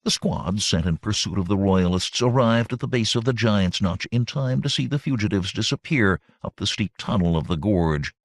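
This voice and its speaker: A man narrating an audiobook in a measured, expressive manner. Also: lowish voice, no echo, studio quality. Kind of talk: scripted narration.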